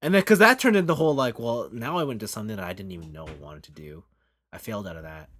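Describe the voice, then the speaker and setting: A man's voice: on the low side, lively intonation, very fast, fairly bright tone, a little hiss or hum. A man in his late twenties co-hosting a podcast, talking in a laid-back way, with lots of "like" and agreeing. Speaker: podcast co-host. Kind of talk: casual chat.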